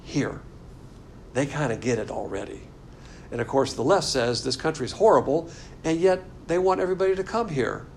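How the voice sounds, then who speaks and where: Bible class teacher guy, lively up and down voice, sarcastic, kinda gravelly. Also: a little high, normal speed, slight background noise. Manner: sarcastic, animated and argumentative.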